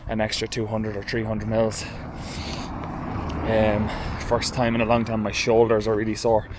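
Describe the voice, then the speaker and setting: A man with an Irish accent chatting casually to camera in a running vlog. He is excitable, swears freely and keeps calling his viewers lads. He talks from a car and then outdoors in a park while running. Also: on the low side, moderate pace. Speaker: running vlogger. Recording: loud background noise from car and outdoor traffic.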